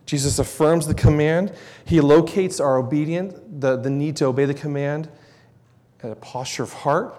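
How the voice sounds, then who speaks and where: A man's voice: fairly high pitch, moderate pace, darkish tone. A man preaching a sermon, earnest and emphatic, repeating words to drive his points home. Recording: long reverb in a large hall.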